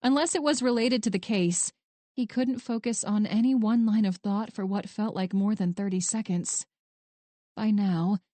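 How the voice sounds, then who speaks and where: A woman narrating a romance audiobook in an even, measured storytelling voice. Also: mid-range voice, no room sound.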